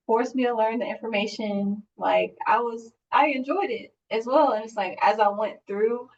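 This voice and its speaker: A young woman hosting a podcast speaks in a fairly high voice, casual and chatty with light laughs. She sits back from the mic, and the sound is muffled and dull. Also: moderate pace, distant mic, a little hiss or hum. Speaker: podcast host. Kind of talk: casual interview chat.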